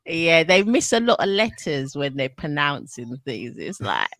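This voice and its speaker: A woman's voice: deep voice, lively intonation, slow, a bit bright, dry recording. A woman with a South London accent hosting a casual radio panel chat, chatty and laughing, with stumbling restarts. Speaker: radio host.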